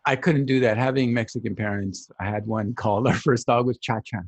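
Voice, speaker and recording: A man's voice: mid-range voice, fairly even intonation, brisk, breathy edge, dry recording. A middle-aged man chatting casually as a podcast co-host, telling stories animatedly, putting on voices and swearing casually. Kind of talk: casual chat.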